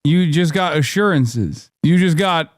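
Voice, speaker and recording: A man reacting to the news on a live stream, ranting with heat and plenty of swearing. His voice sits fairly high for a man. The sound is dry and close, with no room to it. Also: measured pace, dry recording. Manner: heated, profane, animated ranting. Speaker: streamer and political commentator.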